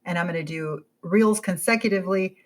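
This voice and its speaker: A woman in her forties, a podcast guest, telling her story in a casual, animated way and acting out her own thoughts. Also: on the low side, fairly quick. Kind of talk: casual interview chat.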